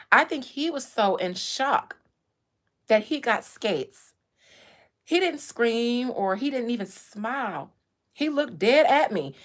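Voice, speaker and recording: A woman hosting a casual livestream, telling stories in a candid, animated way with blunt language. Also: on the high side. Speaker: real estate agent and livestream host.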